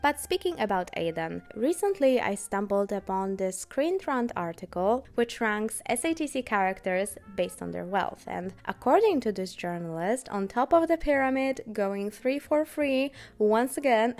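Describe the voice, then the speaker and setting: A woman's voice: medium pitch, expressive, normal speed, hardly any pauses, darkish tone, soft background music. Nasal, sarcastic woman with the flu. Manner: sarcastic, chatty. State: has the flu. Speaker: TV series reviewer. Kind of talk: scripted video commentary.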